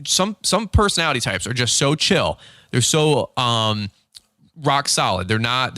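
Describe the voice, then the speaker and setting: A middle-aged man hosts a podcast and talks straight at the listener in a quick, excitable rush. His voice is bright and forceful, and it is recorded dry and close with no room sound. He slips into short acted-out exchanges as he goes. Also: mid-range voice, no echo. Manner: fast-talking, excitable, acts out quick dialogue. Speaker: podcast host. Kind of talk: unscripted podcast monologue.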